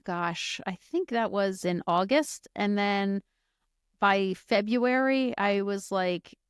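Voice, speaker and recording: A woman's voice: medium pitch, takes it slowly, clear, resonant tone, no echo, clean studio sound. A middle-aged woman hosting a podcast, telling her personal story in a candid, chatty way full of fillers and asides. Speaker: podcast host.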